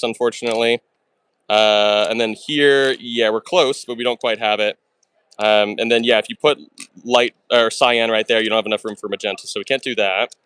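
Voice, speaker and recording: A man live-streaming himself solving puzzles, talking fast and chatty through every move, with excitable outbursts and thanks to chat. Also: medium pitch, smooth, no echo. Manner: fast and chatty, talks through his moves; excitable, bursts of exclamations.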